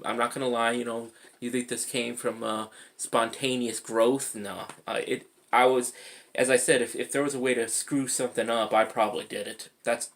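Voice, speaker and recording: A man's voice: medium pitch, fairly bright tone. A man giving a blunt, earnest motivational monologue, casual and sprinkled with swearing. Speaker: self-help speaker.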